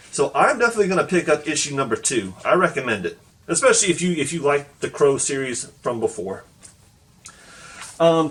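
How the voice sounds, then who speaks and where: A man's voice: fairly high pitch, far from the mic. A man giving a casual comic book review, talking loosely with lots of fillers and laughing along as he retells the story. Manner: loose and chatty, many fillers.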